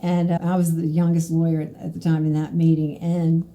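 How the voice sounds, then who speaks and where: A woman from Mississippi, hosting a casual podcast interview and telling stories in an animated way, laughing often. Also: low voice, fairly quick. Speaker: podcast host.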